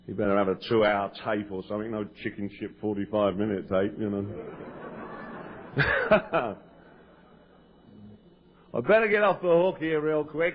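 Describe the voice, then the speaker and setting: A man's voice: medium pitch, a little hiss or hum. An Englishman giving a joking, self-deprecating talk to a recovery meeting, often stammering and restarting. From England. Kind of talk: humorous personal talk to an audience. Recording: lo-fi 1990s cassette tape.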